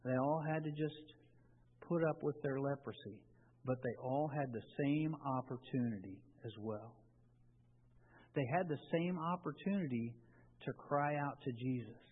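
A man's voice: on the high side, a little slow, breathy edge. A man preaching a sermon in a conversational way, often restarting his phrases. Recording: tinny, phone-like with long reverb.

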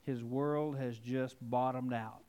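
A man preaching a sermon, swinging between hushed and emphatic delivery. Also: mid-range voice, steady tone, takes it slowly, clear, resonant tone. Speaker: pastor. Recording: long hall reverb.

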